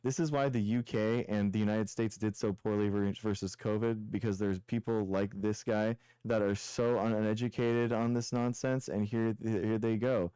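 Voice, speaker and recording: Young male streamer host, low and mellow voice, combative and mocking, dry close sound. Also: fairly even intonation, moderate pace, hardly any pauses, clean tone, dry recording. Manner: combative, mocking, repetitive taunts. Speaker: show host debating callers. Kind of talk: heated live-stream debate.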